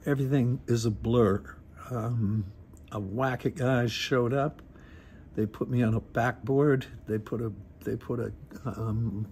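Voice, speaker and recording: A man's voice: mid-range voice, a little mellow, a little hiss or hum. A middle-aged man, telling a personal story in a casual, wry, self-deprecating way. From Northern Ontario. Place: recorded on a phone. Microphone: phone.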